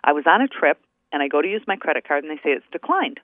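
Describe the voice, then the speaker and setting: A woman's voice: low voice, big pitch swings, fast, no room sound. Chatty woman on a tinny phone line. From New Hampshire. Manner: chatty storyteller, acts out quoted dialogue. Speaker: attorney guest. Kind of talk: radio call-in interview.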